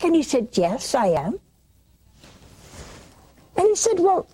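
A woman preaching, retelling a saint's vision with quoted dialogue and halting restarts. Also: extremely high pitch, big pitch swings, mellow. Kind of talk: sermon storytelling.

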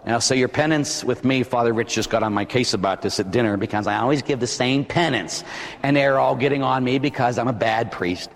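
A man, a Catholic priest, preaching a sermon in a blunt, joking, rapid-fire way. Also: medium pitch, big-room sound.

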